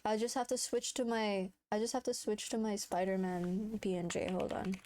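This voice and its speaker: A woman streamer chatting casually on a live stream, excitable, laughing a lot and swearing. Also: mid-range voice, normal speed, a little hiss or hum.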